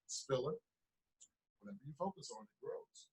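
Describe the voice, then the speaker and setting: A man with a high voice delivering a motivational speech as a mentor. He preaches and repeats himself, swinging from loud, pushing exhortation to hushed asides. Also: expressive, quick pace. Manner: preachy, repetitive, swings between loud urging and low asides. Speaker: business mentor.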